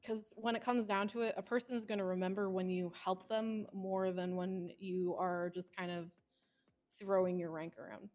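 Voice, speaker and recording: Relaxed woman giving casual advice. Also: mid-range voice, moderate pace. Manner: relaxed, mentoring, swears casually. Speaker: streamer, senior roleplay police officer.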